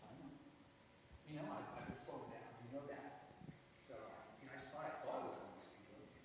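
A man's voice: medium pitch, steady tone, quick pace, far from the mic, lightly acted. An actor playing a clumsy, well-meaning husband in a scripted skit, stammering his replies. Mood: sheepish. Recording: echoey clip heard from afar with room noise.

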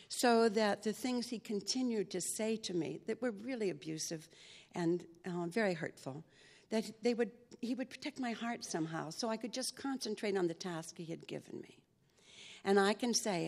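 A woman tells her faith testimony as an earnest story, acting out the conversations she had. Her mid-pitched voice has a gravelly edge. She is heard with a long reverb, as if in a large hall. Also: darkish tone. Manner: earnest, re-enacts conversations in dialogue. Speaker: speaker sharing a personal faith testimony.

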